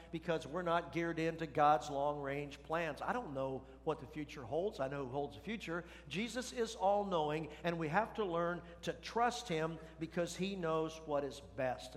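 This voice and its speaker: A middle-aged male pastor delivers a sermon in a conversational way, often turning to the congregation with questions. His voice sits a little high. It rings with the long reverb of a large church hall. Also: a bit bright. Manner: conversational preaching with rhetorical questions.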